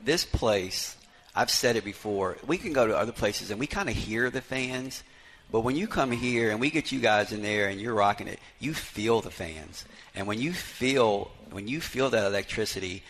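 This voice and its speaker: A man's voice: fairly low pitch, fairly bright tone. A man who is a head basketball coach, talking in a live radio interview in a folksy, storytelling way with lots of "you know" fillers, broadcast from a bar with fans around.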